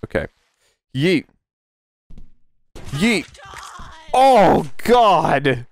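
Male let's-play host, unhurried but panicky, cursing and squealing, clean dry sound. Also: very animated, vocal fry, no echo. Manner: panicky, swearing, yelps into high squeals. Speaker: gaming video creator.

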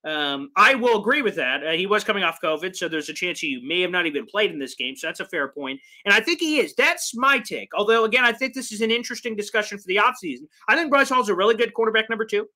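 Bright, high-voiced man ranting about football. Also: quick pace, few pauses. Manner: animated, rambling, mock voices for quoted people. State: strained voice from yelling. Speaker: sports fan show host. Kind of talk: live sports recap reading viewer comments.

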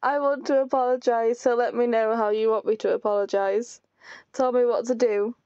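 A woman's voice: a little high, fairly even intonation, normal speed, dark tone, smooth, dry recording, dull audio, close to an everyday voice. A woman reading a timid, clingy young man from a game, pleading and apologetic.

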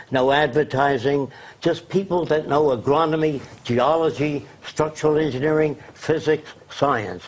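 A man with a husky, slightly high voice holds forth as an interview guest. He is blunt and emphatic, firing off lists of points in a lecturing rhythm that barely pauses for the interviewer. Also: a little mellow. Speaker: interview guest, social designer.

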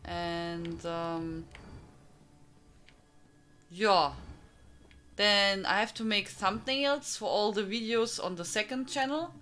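A woman's voice: mid-range voice, takes it slowly, long pauses, a bit bright, soft background music. A woman from Germany with a strong German accent, chatting casually on a live stream, greeting viewers by name and laughing often.

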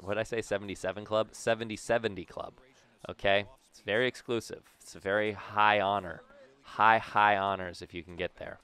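A young man casually commentating his own baseball video game, joking around and breaking into loud cheers and yells. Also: on the low side, clean tone. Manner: excitable, jokey, bursts into loud cheers and yells. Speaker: gaming YouTuber.

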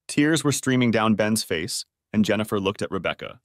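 A man narrating a dramatic story audiobook in a steady, low storytelling manner. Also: moderate pace, hardly any pauses, dry recording, studio quality.

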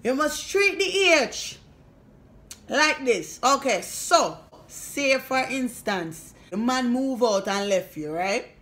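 A woman's voice: high-pitched, lively intonation, takes it slowly, a bit bright, exaggerated voice. A woman playing a brash, sassy woman with a Jamaican accent who gives a bossy, emphatic mock lesson in a comedy sketch. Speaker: mock language teacher.

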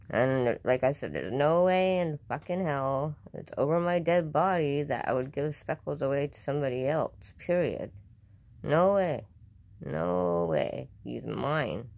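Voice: mid-range voice, vocal fry, darkish tone. An upset vlogger talks casually to camera at home, defensive and repeating themselves.

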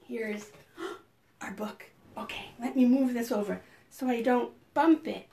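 A young woman librarian reading a picture book aloud at preschool storytime, talking to the children with gasps, whispers and sudden bursts of excitement. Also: on the high side, measured pace, a little hiss or hum. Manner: animated, gasping and whispering to draw children in.

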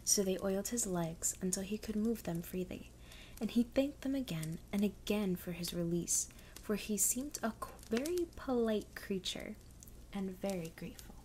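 A woman reads a storybook as whispered role-play ASMR, her voice mostly an unvoiced whisper. She keeps an even, unhurried pace. A faint hiss sits behind her. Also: medium pitch. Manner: soft-spoken, unhurried reading.

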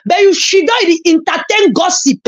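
A woman's voice: very high-pitched, moderate pace, dull audio. A woman with a Nigerian Pidgin accent, scolding and insulting a rival in a heated online rant. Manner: scolding, insulting, loud emphatic outbursts. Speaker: social media commentator.

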